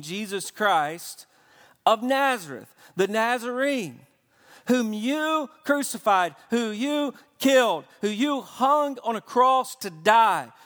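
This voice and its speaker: Guy preaching, high voice, stacks up lists and repeats for punch, big hall echo. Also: a bit bright. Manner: emphatic, builds lists and repetitions. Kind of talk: sermon. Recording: long hall reverb.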